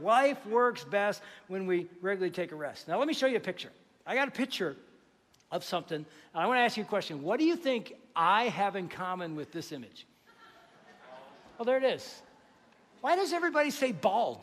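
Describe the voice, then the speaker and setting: A male pastor delivering a lively, joking sermon in a church, asking the congregation questions. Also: high voice, creaky, in a large hall. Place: church sanctuary.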